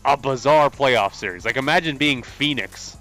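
A man's voice: mid-range voice, normal speed, sharp tone, faint music behind. A man analyzing basketball on a sports talk show, explaining plays casually. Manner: explains plays conversationally, with fillers. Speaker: sports radio co-host and analyst.

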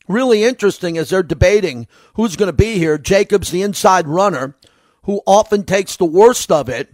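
A man's voice: high voice, dry recording. A man with a New York accent giving a solo sports commentary as host, in a conversational, rambling way.

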